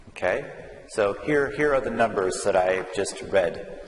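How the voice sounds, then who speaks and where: A man's voice: on the low side, expressive, measured pace. A man teaching English numbers, speaking patiently and drilling words for listeners to repeat in a classroom. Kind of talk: slow classroom explanation. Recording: echoey room with long reverb and faint hum.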